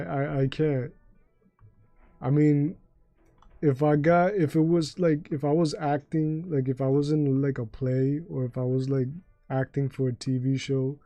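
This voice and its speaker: A man's voice: mid-range voice, mellow, no echo. A young man streaming a game live, chatting in a laid-back, rambling way with frequent swearing and restarts. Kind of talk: casual livestream chat.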